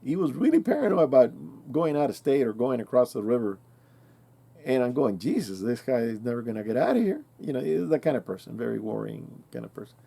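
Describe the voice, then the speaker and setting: A man's voice: medium pitch, very animated, fairly quick, creaky, mellow, breathy edge. A man in his sixties telling a personal story in a rambling, casual way, often correcting himself as he goes. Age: 60s. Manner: rambling, self-correcting, colloquial. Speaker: channel host.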